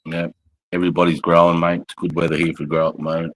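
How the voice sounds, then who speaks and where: Very deep-voiced profane Australian man. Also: completely flat delivery, fast, fairly bright tone, rough recording. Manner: blunt and profane, says "mate" constantly. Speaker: army veteran co-host. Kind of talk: casual chat. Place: lounge room at home.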